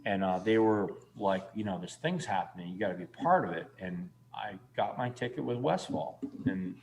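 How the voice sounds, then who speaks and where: Man, 50s, low-voiced guest, rambling storyteller, swears freely, faint noise in the background. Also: moderate pace, gravelly, a little mellow. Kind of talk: casual storytelling chat.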